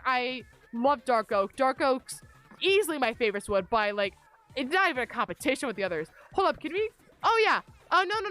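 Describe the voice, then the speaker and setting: A woman's voice: a little high, a bit bright. A young woman chatting casually and rambling on a gaming livestream from her upstairs bedroom, speaking into a desk mic on a mic arm. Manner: rambling, self-deprecating, chatty. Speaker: streamer.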